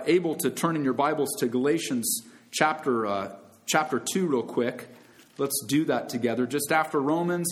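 This man preaches with emphasis as a pastor, addressing his audience as friends, brothers and sisters. He swings between loud, high climaxes and quiet, low, soft passages.

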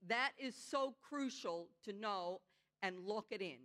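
Earnest higher-voiced woman preaching. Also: animated, fairly bright tone. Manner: earnest, slows down to stress key phrases; conversational asides with frequent "you know". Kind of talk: sermon.

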